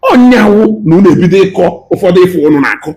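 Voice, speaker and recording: A man's voice: high-pitched, lively intonation, very fast, a little mellow, rough recording. A man with a Nigerian Igbo accent giving an impassioned, scolding lecture, switching between Igbo and English and repeating his points for emphasis. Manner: preachy, scolding, emphatic repetition. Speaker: speaker addressing diaspora.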